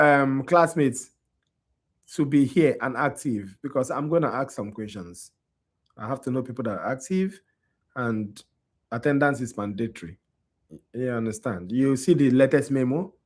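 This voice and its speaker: A tired man lecturing on anatomy to a class, quizzing his students and often checking whether they understand. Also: mid-range voice. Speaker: anatomy instructor.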